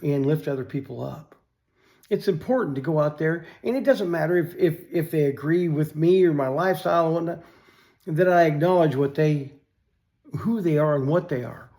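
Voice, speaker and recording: A man's voice: high-pitched, warm tone. An older man telling a story in a folksy, rambling way, often repeating "I said", then reflecting on faith.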